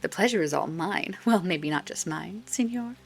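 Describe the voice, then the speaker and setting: A woman's voice: on the low side, lively intonation, normal speed, creaky, husky, exaggerated voice. Woman playing a coquettish old Italian stallholder. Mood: flirty teasing. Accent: put-on Italian. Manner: teasing, coquettish, laughing.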